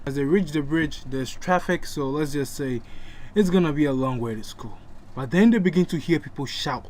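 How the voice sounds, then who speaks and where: Man, casual comic narrator, chatty asides, slightly high voice. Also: normal speed, a little mellow.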